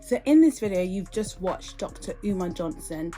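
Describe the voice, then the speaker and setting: A woman's voice: on the low side, moderate pace. Young british woman ranting on her podcast, fired up, faint music underneath. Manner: animated, indignant, talks straight to listeners. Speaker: podcast host. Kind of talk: casual podcast commentary.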